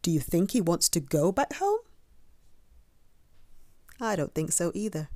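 A woman reads a children's picture book aloud, expressive and pausing to ask the young listener questions. Her voice is a little low but swings widely in pitch, and she takes her time. The recording is dry and close. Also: no room sound. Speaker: storyteller. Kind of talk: children's story read-aloud.

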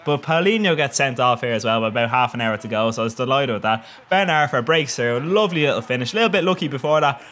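A man's voice: mid-range voice, lively intonation, fast talker, hardly any pauses, fairly bright tone. A young man giving cheeky, sweary commentary over his own gameplay, laughing often. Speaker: gaming commentator.

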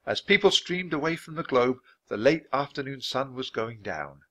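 A man reading a children's book aloud, clear, steady and expressive. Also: medium pitch, normal speed. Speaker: story reader.

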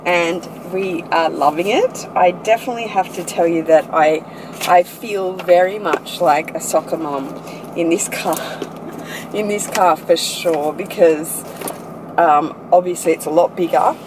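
A woman in her thirties chatting casually to camera as a vlogger, rambling with quick asides, filmed on a handheld phone inside a car. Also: fairly low pitch. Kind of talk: casual vlog chat to camera. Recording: steady background noise.

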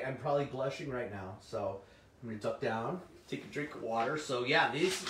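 A middle-aged man, slightly hoarse, hosting a comic shop livestream in casual, chatty talk and answering viewers' comments. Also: mid-range voice, a bit bright. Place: indoor room. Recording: roomy, distant mic, faint noise.

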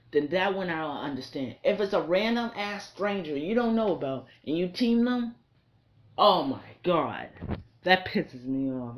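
A gaming channel creator talks over a match in loose, casual commentary. The delivery is unhurried and drawn out, full of irritated swearing and the same grievance repeated again and again. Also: mid-range voice. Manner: frustrated, swearing rants with much repetition.

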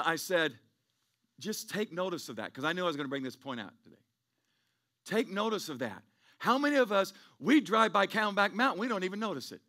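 Bright-voiced pastor preaching with rising emphasis. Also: male voice, high voice. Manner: rambling and repetitive, building to emphatic peaks. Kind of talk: sermon.

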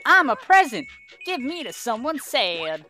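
A man voicing small cheerful creatures from a video game in a high squeaky put-on voice, reading their dialogue aloud. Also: big pitch swings, measured pace, over music, full character voice. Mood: chirpy.

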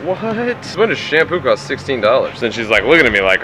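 A man's voice: medium pitch, lively intonation, quick pace. Male vlogger, sarcastic rambling storyteller; noisy outdoor phone recording. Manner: sarcastic, rambling, gets heated. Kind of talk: casual storytelling vlog. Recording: noisy street and car background.

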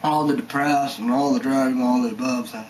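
A man rants into his camera in a loose, rambling way, circling back and filling gaps with "you know." He sounds indignant and swears freely, in an average-pitched voice. Faint background hiss sits under the recording. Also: steady tone, fairly quick, darkish tone, low-quality recording. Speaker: energy drink reviewer vlogger. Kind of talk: casual rambling vlog rant.

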